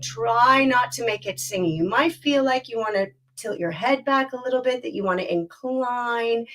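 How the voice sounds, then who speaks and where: A woman vocal coach leading a live online warm-up class, talking through the exercises and demonstrating bored, whiny sounds and sung scales. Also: on the high side, moderate pace, background noise.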